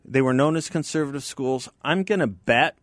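A man hosting a studio radio talk show, joking with his guests and laughing loudly at his own stories. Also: medium pitch, moderate pace, no echo.

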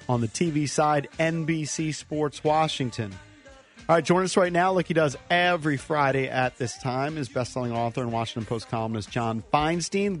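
A man hosting a sports radio show, reading station intros and an ad with upbeat promotional delivery. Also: a little high. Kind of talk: broadcast host reading ads and intros.

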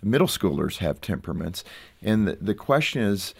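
A man's voice: lowish voice, very animated, normal speed, creaky, breathy edge. A man hosting a conversation, asking his guests questions and laughing along. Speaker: radio host. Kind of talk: interview conversation.

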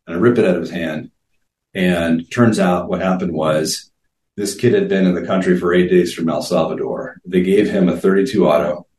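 A man in his fifties tells earnest, vivid stories in casual conversation, often restarting his sentences. His voice sits very low. He sounds set back from the microphone in a roomy, echoing space. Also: darkish tone. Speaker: interview guest. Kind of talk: casual storytelling. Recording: roomy sound, distant from mic.

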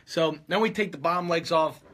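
A man telling a story in a casual, animated way and acting out his friends' lines. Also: on the high side, brisk.

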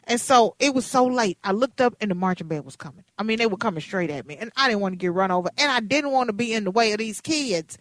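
Animated woman in her fifties telling stories. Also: mid-range voice, quick pace, few pauses, no echo. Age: 50s. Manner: animated, dramatic, playful storyteller. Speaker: radio host. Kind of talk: storytelling on morning radio.

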